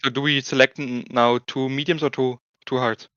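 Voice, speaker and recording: A man chatting casually while playing a racing game, halting and restarting, laughing often. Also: medium pitch, flat delivery, a bit bright, smooth, no room sound, dull audio. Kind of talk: casual chat while gaming.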